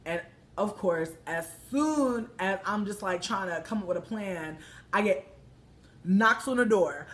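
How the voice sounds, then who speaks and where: A young woman telling a casual story to the camera, brash and profane, swinging between hushed asides and loud outbursts. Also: mid-range voice, expressive, unhurried.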